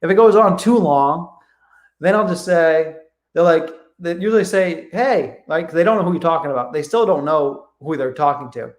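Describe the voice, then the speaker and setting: High-voiced energetic man coaching in an echoey room. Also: normal speed. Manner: energetic, profane, acts out phone calls. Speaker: real estate coach. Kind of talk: live online training.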